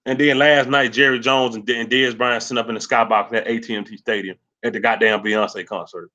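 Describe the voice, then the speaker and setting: A man hosting a sports livestream, ranting angrily and cursing, swinging between loud rants and low mutters. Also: steady tone, brisk. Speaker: sports channel host. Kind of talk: profane livestream sports rant.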